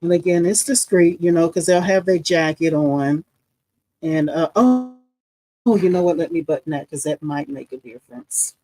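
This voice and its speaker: A woman's voice: lowish voice, normal speed, warm tone, rough recording. Chatty woman hosting a craft livestream. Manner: chatty, addresses viewers as y'all, laughs often. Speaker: embroidery livestream host. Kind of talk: casual live demo chat.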